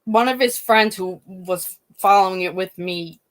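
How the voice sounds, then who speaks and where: A woman's voice: medium pitch, a little slow, dry recording. Chatty woman with a dry close sound. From Scranton, Pennsylvania. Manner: rambling, animated storytelling with restarts. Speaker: YouTuber. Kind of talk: casual chat.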